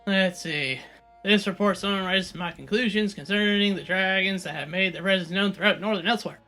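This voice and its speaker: A man's voice: sits high, brisk, sharp tone, soft background music. A man co-hosting a game let's play, trading dry teasing banter and reading in-game documents aloud. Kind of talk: casual gaming commentary and reading aloud.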